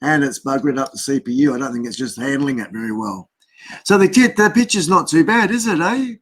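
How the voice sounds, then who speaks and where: A man's voice: mid-range voice, lively intonation, a little fast. An Australian man hosting a casual live stream, chatting and rambling to himself while he adjusts his camera and screens. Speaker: livestream host.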